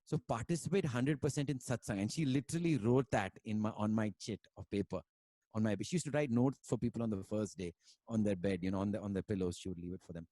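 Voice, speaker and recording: A man's voice: fairly low pitch, fast, dark tone, no echo. A man from India, a musician talking casually on a video call, rambling with many fillers and dropping in Hindi words. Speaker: musician guest. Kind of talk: casual conversation and storytelling.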